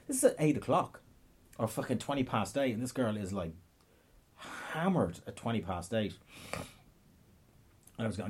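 A man's voice: medium pitch, normal speed, a little mellow, breathy edge. A young man with a Dublin accent, a stand-up comedian telling a rambling, profane story in casual chat, often cutting himself off mid-sentence. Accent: Irish, Dublin. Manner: rambling, profane, self-interrupting.

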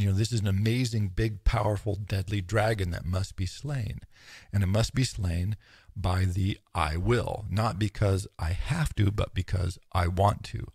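Gravelly, husky man musing through a lecture. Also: fairly low pitch, a little mellow, dry recording, studio quality. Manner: thoughtful, musing, with frequent restarts and quoted asides. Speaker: lecturer on philosophy. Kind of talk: informal lecture.

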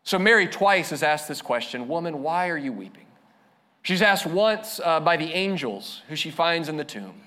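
A man preaching a sermon as a pastor, earnest, slowing down and dropping softer to stress his points. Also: a little high, animated.

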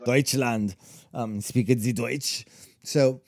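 A man's voice: medium pitch, steady tone, slow pace. A man co-hosting a podcast, telling a story in casual chat, rambling with lots of fillers and restarts. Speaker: podcast co-host.

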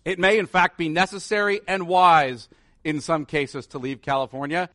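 A man's voice: on the high side, fairly bright tone, no room sound, clean studio sound. A man preaching a sermon as pastor, earnest and rising to emphatic declarations.

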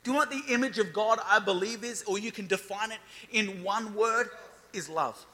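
A man's voice: high voice, moderate pace, pushed and bright. A man in his thirties preaching a youth sermon, declaring and building emphasis as he reads scripture. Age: 30s. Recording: reverberant hall.

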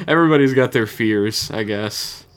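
A man co-hosting a podcast, reading listener emails aloud with dry, joking asides and swearing. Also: mid-range voice. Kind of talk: casual comedic chat.

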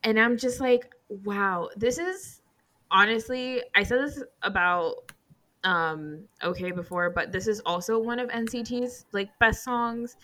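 A woman co-hosting a casual fan chat, talking in an animated, emphatic way. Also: fairly high pitch, a little slow. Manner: animated, emphatic, playfully defensive. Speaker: podcast co-host.

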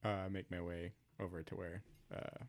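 A man playing a tabletop game, chatting casually and laughing often. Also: normal speed. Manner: lively, giggly, swoops in pitch. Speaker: player. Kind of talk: casual play chat.

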